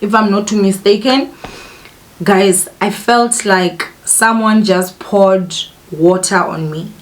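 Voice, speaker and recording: Candid woman telling a story. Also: medium pitch. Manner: emotional, candid, keeps addressing the viewers. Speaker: vlogger telling a personal story. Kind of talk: casual storytime monologue.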